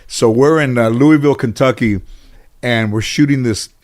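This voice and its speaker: This middle-aged interview guest rambles through casual stories, sprinkling in plenty of "you know." He speaks at a moderate pace in a medium-pitched, slightly mellow voice.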